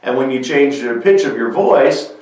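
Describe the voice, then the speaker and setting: A man's voice: medium pitch, animated, normal speed, a little mellow, very echoey, recorded from a distance, rough recording. A man hosting a children's music show, explaining step by step how to make a kazoo, with easygoing fillers. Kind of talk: craft demonstration for kids.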